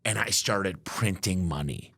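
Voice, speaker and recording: He speaks low and unhurried, with a breathy edge, as a business owner guest sharing stories in relaxed conversation. His telling is animated, and he quotes others by acting out their words in different voices.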